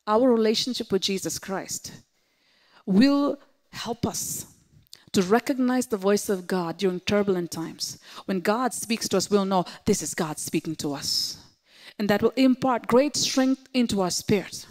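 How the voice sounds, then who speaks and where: A woman pastor delivers a sermon with dramatic swings. She pushes to loud exclamations, then drops to hushed, nearly whispered asides. Her voice sits at a middle pitch for a woman. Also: a little slow.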